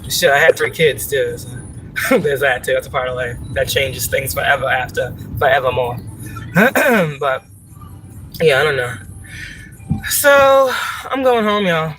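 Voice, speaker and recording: Woman, live-stream chat, in a car, phone mic, crisp tense tone, salty rambling talk. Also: very deep voice, animated, unhurried, pauses often, a bit bright, a little hiss or hum, poor audio. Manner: profane, rambling, laughs often. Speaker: spiritual vlogger. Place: in a car, driving.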